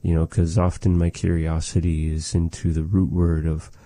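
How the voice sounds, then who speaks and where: A man giving a relaxed spoken language lesson, measured and thoughtful, with many pauses and fillers. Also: low-pitched, no room sound. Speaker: language teacher.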